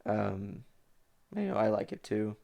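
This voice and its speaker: A man's voice: lowish voice, very animated, a little slow, gravelly, warm tone. A young man giving a casual, rambling commentary on his own fan animation, full of fillers and restarts.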